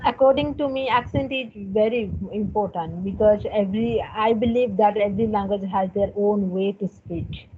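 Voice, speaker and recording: Halting woman on a tinny line. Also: mid-range voice. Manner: halting, many fillers and repeated words. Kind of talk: casual conversation practice. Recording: tinny phone line with faint noise.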